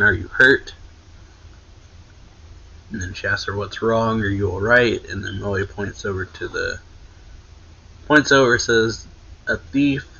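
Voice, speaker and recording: A man's voice: on the low side, vocal fry, pushed and bright, breathy edge, highs cut off. A young man casually retelling a manga chapter in a rambling, filler-heavy way, with many restarts. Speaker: anime reaction channel host.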